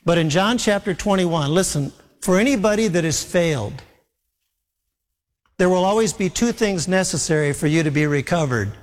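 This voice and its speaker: Male pastor, earnest preaching style, somewhat high pitch, recorded with lingering church-hall reverb. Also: animated, moderate pace. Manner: earnest preaching, voicing Jesus' words to Peter in quotes. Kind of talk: sermon.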